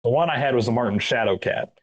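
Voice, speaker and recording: A man's voice: mid-range voice, fast, low-quality recording. A man with a Texan accent telling a rambling story in casual chat, peppering it with dude and man. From Central Texas. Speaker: guest, retired Army master sergeant.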